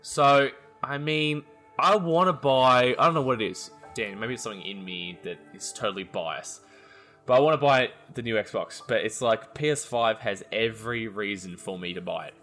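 A man's voice: medium pitch, moderate pace, a bit bright, soft background music. A young man, co-hosting a casual podcast chat, teasing and swearing. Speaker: podcast co-host.

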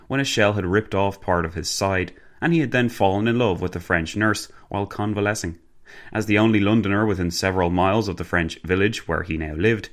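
Low-voiced man narrating a story. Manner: measured storytelling. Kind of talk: scripted narration.

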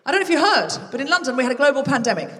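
A woman's voice: high voice, expressive, rapid-fire, bright, forceful tone, far from the mic, slight background noise. Woman hosting live comedy in a hall. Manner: playful, bantering with the audience. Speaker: comedy podcast host. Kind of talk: live stand-up crowd work. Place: large theatre with a live audience. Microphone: stage microphone.

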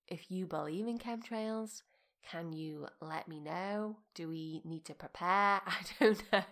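A young woman hosting a podcast, chatting playfully and sometimes dropping into a soft mock-meditation voice. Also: on the low side, gravelly. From Britain. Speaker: podcast host. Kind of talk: casual chat.

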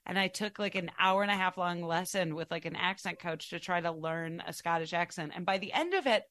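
A woman's voice: lowish voice, brisk, a bit bright. A woman author, a podcast guest, telling stories in a chatty, self-deprecating way. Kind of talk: casual interview chat.

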